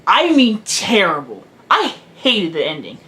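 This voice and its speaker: A man's voice: high-pitched, huge pitch swings, unhurried, pushed and bright. A teenage boy giving a casual video movie review, blunt and emphatic, hammering his verdicts home again and again. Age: teens.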